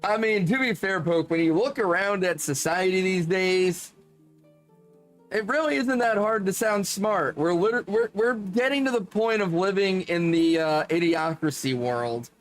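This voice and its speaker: A high-voiced man chats casually while he plays a game, rambling from joke to joke and swearing freely. Soft music runs underneath. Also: measured pace. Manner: rambling, profane, joking. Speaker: gaming streamer. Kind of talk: casual chat while gaming.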